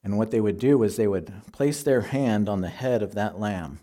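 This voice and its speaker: Mellow-voiced male preacher. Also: lowish voice. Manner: earnest, measured teaching with scripture quotes. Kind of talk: sermon.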